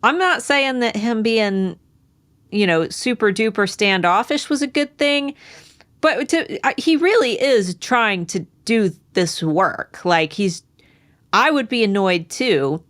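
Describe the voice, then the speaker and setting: Woman from the US, podcast co-host, mid pitch, chatty recaps with acted-out quotes. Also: animated, slow, fairly bright tone. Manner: chatty storyteller, acts out quotes. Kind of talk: casual book discussion.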